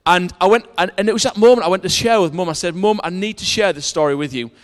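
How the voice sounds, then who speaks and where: A man delivers a sermon, weaving a personal story around scripture readings in an earnest way and often restarting his phrases. His voice sits a little high for a man. The long reverb of a hall trails behind every line. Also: quick pace. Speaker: preacher.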